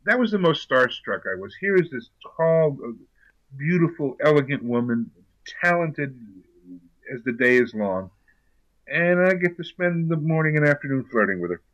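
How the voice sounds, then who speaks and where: A man's voice: a little high, expressive, moderate pace, fairly bright tone, dry recording, rough recording. Older guy, actor guest, rambling friendly stories, lots of you know, dry sound. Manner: chatty storyteller, frequent "you know" and restarts. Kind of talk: casual interview chat.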